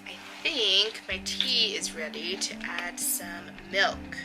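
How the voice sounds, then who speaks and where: A woman's voice: on the low side, lively intonation, slow pace, over loud music, poor audio. A young woman vlogging in a casual chat to camera, talking chattily and laughing often.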